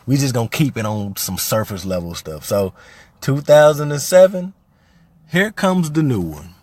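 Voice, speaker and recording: A man's voice: lowish voice, big pitch swings, moderate pace, husky, no room sound. A man in his thirties from Little Rock, Arkansas, hosting a podcast in a loose, conversational storytelling style that gets heated and emphatic. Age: 30s. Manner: loose and conversational, turns heated and emphatic when recounting frustrations. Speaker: podcast host. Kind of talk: casual storytelling monologue.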